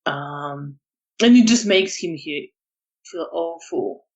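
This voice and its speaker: A storyteller narrating a tabletop vampire game in a hesitant, softly descriptive way. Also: medium pitch, expressive, slow.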